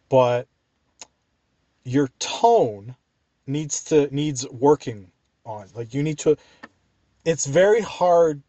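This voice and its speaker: A man voicing his calm, patronizing male office manager, quoted in a soft, measured lecturing way. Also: a little high, dry recording.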